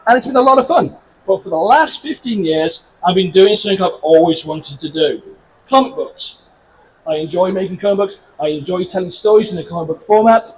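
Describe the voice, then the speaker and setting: A man's voice: sits high, a little fast, slight background noise, rough recording. An English man in his fifties, a comic book creator giving a chatty, self-deprecating convention panel talk to a small audience. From England.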